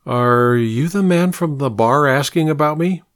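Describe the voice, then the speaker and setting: A man voicing a frightened woman in hiding, speaking softly and breathily with hesitation. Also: a little high, a little slow, voice pushed up. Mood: guarded.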